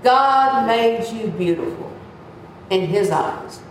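This Sunday school teacher, a woman in her seventies, speaks slowly and expressively in a fairly high voice, earnest and talkative, occasionally acting out whiny characters. Her sermon in the church room was picked up by a distant mic, so the audio is echoey with a little background noise.

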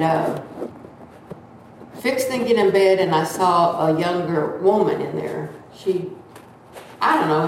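Older woman, seventies, casual testimony, slightly low pitch, heard from across an echoey room. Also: darkish tone, a little hiss or hum. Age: 70s. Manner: chatty, acts out quoted voices. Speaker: church member sharing a testimony. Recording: echoey room, distant mic.

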